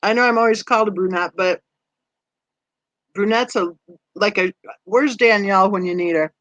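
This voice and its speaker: A woman hosting a true crime channel, chatting with viewers and reading their comments, conversational and quick to laugh. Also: medium pitch, fairly bright tone, dry recording, muffled recording. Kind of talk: livestream chat reading comments.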